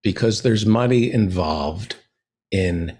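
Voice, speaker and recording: A man hosting a political talk show, speaking slowly and earnestly in casual conversation. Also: fairly low pitch, darkish tone, husky. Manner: slow, earnest, eats while talking. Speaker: podcast host.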